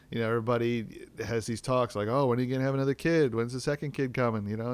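A man's voice: mid-range voice, a little mellow, no room sound. Candid man in his thirties rambling. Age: 30s. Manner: rambling, self-deprecating, with frequent fillers and restarts. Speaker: podcast host. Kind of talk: candid solo podcast talk.

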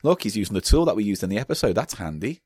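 A man's voice: on the low side, sing-song, racing, a little mellow, slightly rough, no echo, studio quality. Chatty man with toothache. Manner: chatty, rambling, mock-posh asides. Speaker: podcast guest. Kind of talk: casual comedic chat. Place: small enclosed booth.

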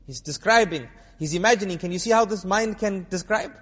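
High-voiced male preacher in a reverberant hall. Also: brisk, few pauses. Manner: lively storyteller who quizzes and teases the audience. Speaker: Islamic preacher. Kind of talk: sermon storytelling to a live audience.

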